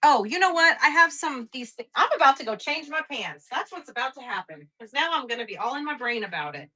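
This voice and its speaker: A woman's voice: high-pitched, lively intonation, brisk, sharp tone. A young woman, chatting casually and laughing at herself while selling quilting supplies on a live stream. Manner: chatty, self-mocking, laughs often. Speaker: live shopping seller.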